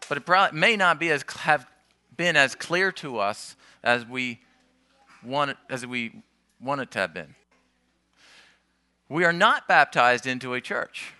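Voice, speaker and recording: Man, sermon, conversational preaching, fairly high voice, very bright tone, dry close sound. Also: dry recording. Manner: conversational teaching with restarts and asides.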